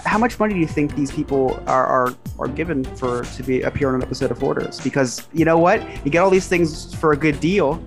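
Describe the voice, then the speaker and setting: A man co-hosts a podcast, riffing and rambling through jokes. He talks quickly. Music plays clearly in the background. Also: fairly high pitch. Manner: joking, rambling riffs. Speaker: podcast co-host. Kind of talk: casual chat.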